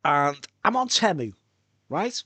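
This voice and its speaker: Here the Birkenhead streamer's voice is on the high side, husky, pushed and bright, with big pitch swings and a slow delivery. He's chatting casually with his Merseyside accent from his home tent lined with soundproof tiles, frequently ending lines with "right?", on a dry recording.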